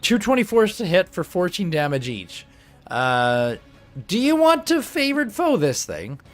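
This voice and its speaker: A man running a tabletop game as game master, chatty and animated, often laughing as he talks through the rules. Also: sits high, measured pace, soft background music.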